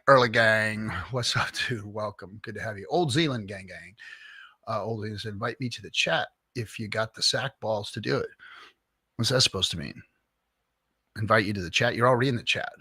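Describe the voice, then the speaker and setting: A man hosting a live stream in a bright, forceful voice, cursing freely and ranting at his chat. The sound is close and dry, with no room echo. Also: medium pitch, husky. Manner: profane, ranting, exasperated; greets chat viewers by name. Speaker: livestream host.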